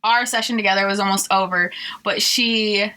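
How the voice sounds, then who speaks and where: A woman's voice: mid-range voice, fairly even intonation, normal speed, bright, forceful tone, rough recording. A young woman co-hosting a podcast, telling a long story in a chatty, filler-heavy way. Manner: chatty, filler-heavy, laughing through anecdotes. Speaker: podcast co-host. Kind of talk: casual storytelling chat.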